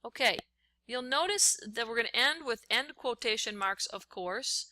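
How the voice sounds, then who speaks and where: A woman's voice: fairly high pitch, lively intonation, normal speed, pushed and bright, no room sound. A woman teacher talking step by step through a writing lesson while she types on screen. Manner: step-by-step, talks while typing.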